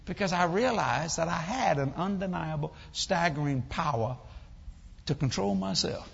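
A man preaching a sermon, telling a family story in an animated, comic way. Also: a little high, moderate pace, gravelly, breathy edge, long reverb tail, highs cut off.

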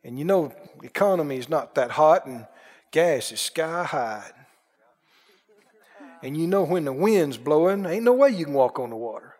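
Folksy preacher in a reverberant hall. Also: male voice, a little high, animated, normal speed. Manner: folksy, dips soft then rises to shouts. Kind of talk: sermon. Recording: long reverb of a large hall.

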